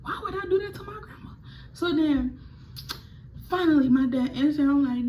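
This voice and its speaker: A young woman telling a storytime vlog in slangy, animated speech that acts out the dialogue. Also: sits high, moderate pace, slight background noise. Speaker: vlogger. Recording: slightly muffled recording.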